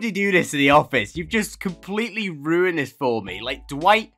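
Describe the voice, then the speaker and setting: A man's voice: fairly high pitch, sing-song, normal speed, few pauses, a bit bright. A young man doing comedic reaction commentary, sarcastic and laughing often, breaking into mocking voices. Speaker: YouTuber reacting to posts.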